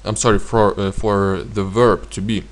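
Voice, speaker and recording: A man with a Lithuanian accent teaching grammar in a slow, halting way with frequent fillers. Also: on the low side, level tone. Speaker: language teacher.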